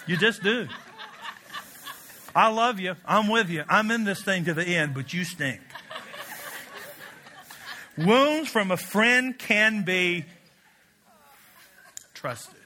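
A middle-aged male pastor from Kentucky, preaching a sermon with animated storytelling. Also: sits high, slow pace, long pauses, slight background noise. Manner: animated storytelling with laughs and shouted quotes.

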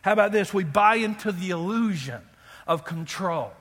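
A man preaching a sermon as pastor, animated, acting out loud pleading prayers and making joking asides. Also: sits high, moderate pace, big-room sound.

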